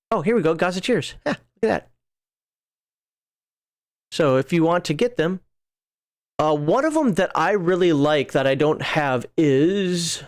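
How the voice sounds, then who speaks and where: A man hosting a show, reading rules aloud and wandering off into chatty asides. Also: a little high. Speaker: podcast host. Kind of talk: casual rules walkthrough.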